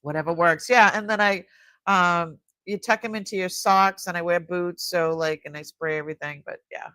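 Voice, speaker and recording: A woman's voice: lowish voice, normal speed, pushed and bright, no echo. A middle-aged woman hosting a live jewelry sale, chatting casually with her viewers, often laughing and trailing off mid-sentence. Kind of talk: casual live-stream chat.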